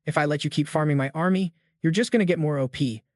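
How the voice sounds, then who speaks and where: A man's voice: on the high side, quick pace, a little mellow, no echo, clean studio sound, close to an everyday voice. Dullahan, a man reading a haughty headless knight. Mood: taunting. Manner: taunting, haughty. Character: arrogant undead headless knight boss, male.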